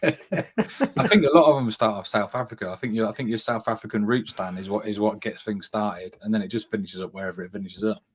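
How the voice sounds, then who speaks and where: A man co-hosting a podcast, with a deep radio-style voice, upbeat and teasing in casual chat. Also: breathy edge. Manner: upbeat, teasing, quick to laugh. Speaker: podcast co-host.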